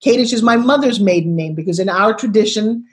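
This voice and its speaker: A woman in her sixties, a guest on a video call interview, telling her story in an expressive, dramatic way. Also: mid-range voice, brisk.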